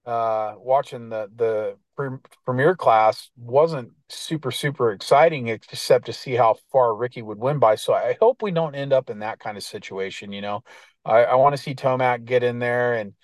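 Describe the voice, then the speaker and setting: A man's voice: mid-range voice, normal speed, dry recording. A middle-aged man chatting casually as a guest, laid-back and slangy, full of fillers and restarts. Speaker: guest editor. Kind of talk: casual podcast chat.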